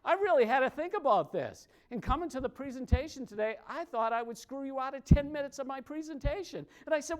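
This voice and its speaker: A man with a Boston accent giving a joking conference presentation, wry and self-mocking, often tagging his points with a quick check-in. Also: extremely high pitch, animated. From Boston, USA. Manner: wry, self-mocking, tags lines with "okay?".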